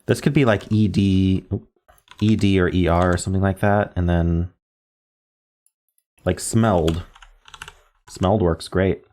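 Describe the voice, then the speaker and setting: A man with a low, deep voice talks his way through word puzzles, spelling out letters and musing over guesses. He keeps it casual and thinking-aloud, often correcting himself mid-sentence. Keyboard typing clicks sound behind him. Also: steady tone, a little slow, long pauses, a little mellow. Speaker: word game streamer.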